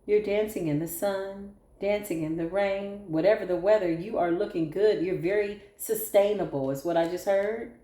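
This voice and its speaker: A woman giving a casual tarot reading to viewers, animated, blunt and sassy, swearing freely. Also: mid-range voice, moderate pace, few pauses. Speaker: tarot reader. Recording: echoey room.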